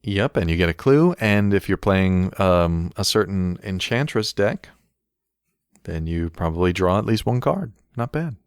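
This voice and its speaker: A low-voiced man chats wryly on a podcast, chuckling as he reads card text aloud. The recording is dry and close, with no room sound. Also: expressive, unhurried, smooth, no room sound. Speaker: podcast co-host. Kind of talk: casual chat reviewing game cards.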